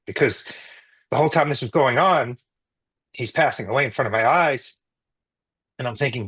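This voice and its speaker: A man's voice: medium pitch, normal speed, pauses often, a bit bright, slightly rough. A middle-aged man, an emergency physician, giving an emotional personal account in an interview, earnest, with frequent restarts and rising indignation.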